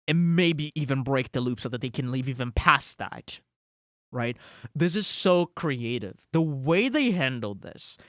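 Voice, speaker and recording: An excitable game streamer thinks aloud during live commentary, swearing and laughing between words. The mid-range voice is recorded dry, with studio quality.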